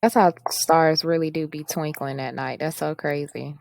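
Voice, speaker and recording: A woman's voice: low-pitched, steady tone, moderate pace, creaky, darkish tone, no room sound. A woman hosting a casual coding walkthrough, chatty and self-mocking as she reads the instructions aloud. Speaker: coding tutorial host. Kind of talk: casual screen-share walkthrough.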